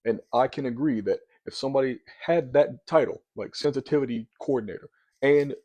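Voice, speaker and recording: Argumentative man with a mellow voice. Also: mid-range voice, brisk. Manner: animated, argumentative, repeats words when pressing a point. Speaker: commentator reacting to a video. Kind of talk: casual reaction commentary.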